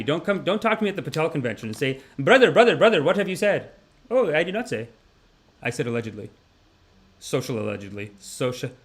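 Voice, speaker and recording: A man hosting a comedy podcast, riffing in an animated, rambling monologue. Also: fairly high pitch. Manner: animated, rambling, swings between voices. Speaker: podcast host.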